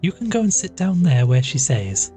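A man voicing a warm-hearted but stiff country hostess who speaks with hesitation. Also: on the high side, sing-song, soft background music, pitched above the performer's own voice. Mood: hesitant. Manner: hesitant and slow, a little constrained.

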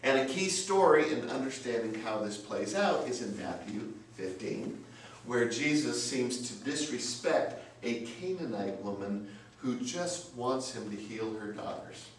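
A man's voice: medium pitch, expressive, a little slow. A man preaching a sermon as pastor, emphatic, with rhetorical questions and repeated phrases, heard from a distance in a church sanctuary. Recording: very echoey church, mic from afar, faint noise.

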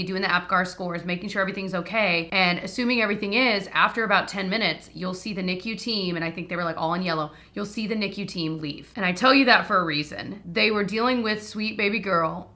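A woman's voice: mid-range voice, a little fast, few pauses, bright, forceful tone. A woman, chatting emotionally and laughing often as she tells a personal story to her viewers. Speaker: lifestyle vlogger. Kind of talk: casual storytelling while doing makeup.

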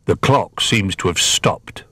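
A man voicing Old Bear, a wise and patient old male teddy bear who speaks calmly, in a storybook reading. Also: low voice, slow, husky, dry recording, heavily acted. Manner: calm and patient.

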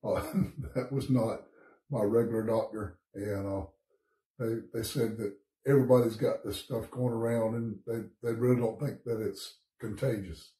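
A man's voice: lowish voice, fairly even intonation, normal speed, mellow, roomy sound. A man leading a casual morning Bible study as pastor, chatty and folksy, a little sick with a cough, reading scripture aloud. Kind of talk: informal Bible study teaching. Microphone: streaming setup, morning online study.

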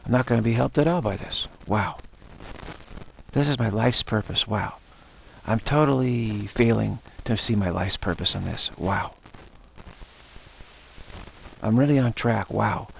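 A man leading a spoken meditation practice, repeating the same word again and again between short phrases in an unhurried, musing way. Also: fairly low pitch, vocal fry, slight background noise. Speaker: meditation teacher.

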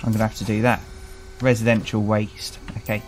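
A man's voice: lowish voice, little pitch movement, fairly quick, soft background music, low-quality recording. A British man casually commentating a gameplay video, chatty and wry, greeting the characters he meets as he plays. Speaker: gaming channel host. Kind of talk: casual let's-play commentary.

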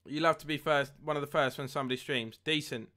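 A young man live-streaming a football game, chatting with viewers and getting excited at near misses. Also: on the high side, fast. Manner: chatty, reads chat aloud, excitable at goals. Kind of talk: live gameplay commentary and chat.

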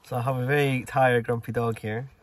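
A man's voice: medium pitch, flat delivery, fairly quick, no echo. A young Scottish man chatting casually in an easygoing, rambling way while car camping outdoors by a loch. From Scotland. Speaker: vlogger. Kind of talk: casual vlog chat.

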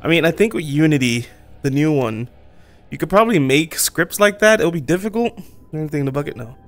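A man streaming a horror game, talking to himself in casual commentary, swearing and jumping to a high squeal when startled. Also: lively intonation, fairly quick, faint music behind. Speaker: gaming streamer.

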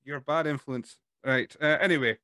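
A man's voice: a little high, brisk, bright, forceful tone, no room sound, clean studio sound. A Scottish man hosting a podcast, chatting loosely and often laughing. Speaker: podcast host. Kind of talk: casual podcast chat.

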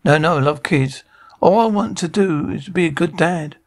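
A man playing a soft-spoken would-be father, earnest, gentle, gravelly, slightly high voice, horror series. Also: moderate pace, lightly acted. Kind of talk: TV horror drama acting.

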